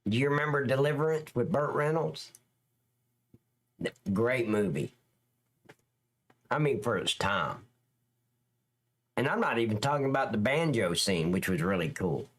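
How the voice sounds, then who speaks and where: A middle-aged man hosts a live reaction stream, his voice rising and falling in a lively, animated way. He rambles and jokes with his chat viewers. His pitch sits in the middle for a man. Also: measured pace, pauses often, slight background noise. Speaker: live-stream host reacting to police videos.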